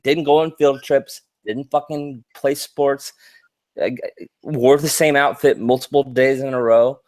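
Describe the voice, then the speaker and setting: A man's voice: a little high, dry recording. A man in the middle of a fired-up rant on a casual podcast, swearing freely and tripping over his words as he gets more and more worked up. He sounds on the edge of tears. His voice is dry and close, with no room sound around it. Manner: heated, profane ranting with stammered restarts. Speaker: podcast co-host.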